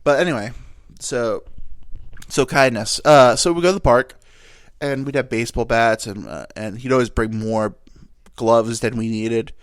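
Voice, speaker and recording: A man's voice: medium pitch, moderate pace, clear, resonant tone, no echo, clean studio sound. A young man sounding nasal and teary, telling a rambling personal story with fillers and self-corrections as a podcast host. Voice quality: nasal, sounds like he just cried. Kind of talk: casual storytelling monologue.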